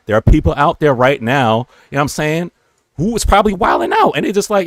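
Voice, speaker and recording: Brief: emphatic New man co-hosting a stream, slightly high voice, very lively delivery. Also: quick pace, no echo. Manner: animated, slangy, emphatic. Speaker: livestream co-host. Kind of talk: casual chat.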